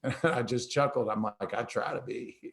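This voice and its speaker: A man's voice: medium pitch, moderate pace. A middle-aged man hosting a talk, telling a personal story in a casual, conversational way and acting out the dialogue. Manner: animated storyteller who acts out dialogue. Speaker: host.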